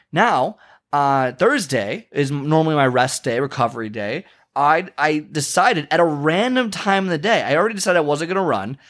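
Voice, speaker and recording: Middle-aged male vlogger, casual motivational monologue, conversational and rambling. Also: medium pitch. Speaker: vlogger and speaker.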